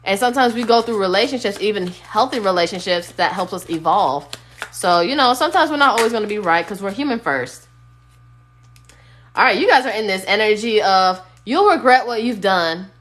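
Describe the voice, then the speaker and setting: A woman's voice: mid-range voice, animated, fairly quick, a bit bright, slight background noise. A woman giving a casual, blunt tarot reading on a phone live stream, sometimes singing bits of songs. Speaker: tarot reader.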